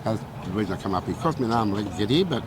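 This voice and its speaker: Quick, low Australian driver. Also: male voice, animated. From Victoria, Australia. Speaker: race car driver. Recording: clear outdoor noise.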